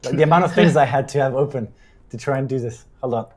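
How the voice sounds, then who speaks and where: A man's voice: mid-range voice, fast. A man running a tabletop game as game master, narrating casually and improvising details as he goes.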